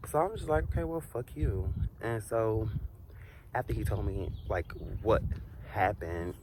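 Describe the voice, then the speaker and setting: A man's voice: lowish voice, measured pace, noisy background. A young man vlogger telling a casual storytime while walking outdoors, sassy and chatty with asides to his viewers.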